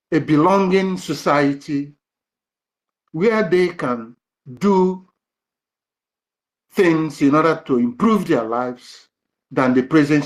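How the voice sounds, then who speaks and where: A man hosting a live audio room, answering in a measured, preachy way with some restarts. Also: a little high. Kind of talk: measured commentary on a live call.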